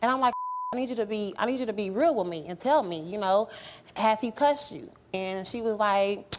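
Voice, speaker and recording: A woman's voice: medium pitch, a little fast. A young woman who is a guest on a talk show, telling her story in a rambling, hesitant way with many fillers. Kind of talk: emotional talk show testimony.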